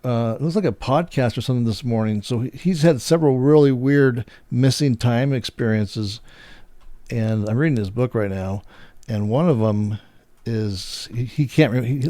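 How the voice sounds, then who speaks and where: A man's voice: mid-range voice, normal speed, warm tone, dry recording. A man hosting, chatting casually and rambling with many fillers as he searches for words. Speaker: host. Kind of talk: casual chat.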